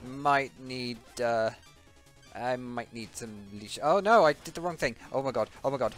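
Excitable gamer yelping. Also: male voice, medium pitch, normal speed, faint music behind. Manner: excitable, yelps and panicked exclamations. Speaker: let's play host. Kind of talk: gaming commentary.

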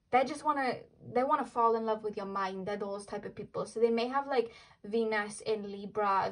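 A chatty Welsh tarot reader gives a casual reading to camera, rambling, laughing easily and filling her speech with "like" and "um." Her voice is a little high, and the recording sounds rough.

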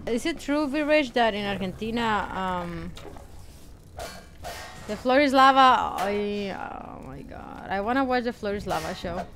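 Young woman gamer streamer, mid-pitched, chatty and reactive, with loud gunfire under her voice. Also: lively intonation, unhurried. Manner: chatty, reacts aloud to the game, swears when frustrated. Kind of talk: casual gameplay chat. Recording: game gunfire and noise behind the voice. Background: game sounds and gunfire.

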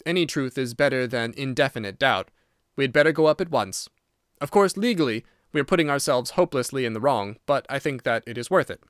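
A man reading the part of a calm, shrewd detective in an audiobook, measured and reasoning. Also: mid-range voice, dry recording, studio quality, natural voice.

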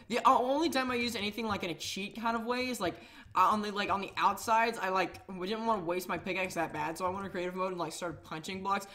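A young man rambling excitably through casual gameplay commentary, full of fillers and restarts. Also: sits high, fast. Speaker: gaming YouTuber. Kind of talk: casual Minecraft let's play commentary.

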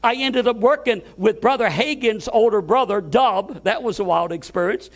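A man preaching a sermon, telling a personal story and acting out the voices of the people in it, with excited repeated words. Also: high voice, normal speed.

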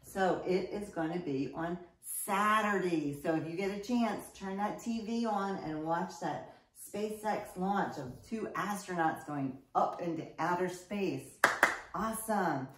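A kindergarten teacher giving an online phonics lesson, sounding out letters slowly with bright, exaggerated emphasis. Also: female voice, on the low side, far from the mic. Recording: echoey room, a bit off-mic.

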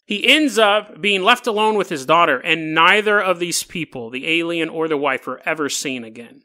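A man's voice: a little high, normal speed, few pauses, sharp tone. A man hosting a casual storytelling podcast, joking and laughing through wry asides. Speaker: podcast host.

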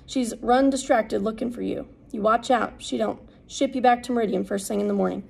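A woman's voice: fairly high pitch, brisk, vocal fry, darkish tone, breathy edge, heavily acted, rough recording. Woman reading a stern scolding housekeeper. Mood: bossy. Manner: scolding, indignant.

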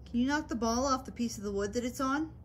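A woman's voice: a little high, fast, a little hiss or hum. A woman paranormal investigator calling out to spirits in an old hotel, speaking in a patient, coaxing, reassuring way. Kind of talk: calling out to spirits during a ghost hunt.

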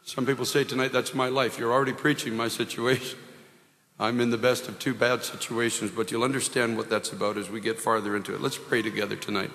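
Middle-aged American pastor, earnest preaching, mid-range voice, restarts often, recorded in a big echoing hall. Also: male voice, medium pitch, level tone, fast talker, fairly bright tone. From United States. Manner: earnest preaching with frequent restarts and prayerful exclamations. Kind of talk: sermon at an evangelistic rally. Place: large hall.

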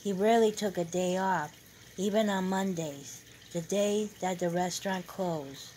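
A woman narrating a novel chapter aloud at a steady, measured pace. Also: on the low side, a little hiss or hum, poor audio.

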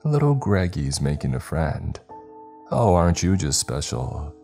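A man's voice: a bass voice, sing-song, a little slow, gravelly, dark tone, soft background music, full character voice. A man voicing a growly taunting demonic entity. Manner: mocking, teasing.

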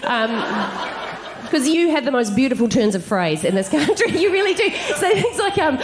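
A middle-aged woman comedian telling stand-up stories to a live audience, giggly and animated with quick asides. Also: high voice, crowd noise. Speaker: comedian guest. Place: comedy venue stage before a live audience.

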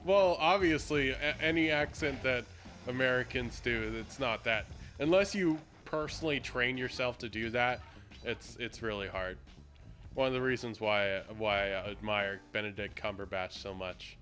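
A man's voice: mid-range voice, normal speed, fairly bright tone. A young adult man chatting casually over a video game, rambling and laughing often. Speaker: gaming co-host. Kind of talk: casual chat over gameplay.

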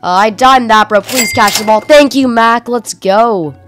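A woman commentating her own football video game match in a slangy, excitable way, her pitch leaping around between quiet mumbles and sharp shouts. Faint game music hums behind her. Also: measured pace. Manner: excitable, slangy play-by-play, swings from mutters to yelps. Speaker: gaming YouTuber. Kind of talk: live gameplay commentary.

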